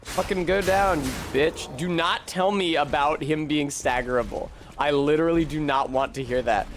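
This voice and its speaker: A man's voice: fairly high pitch, normal speed, background noise. A man streaming a video game, giving casual, profane commentary, talking back to the game and to his chat.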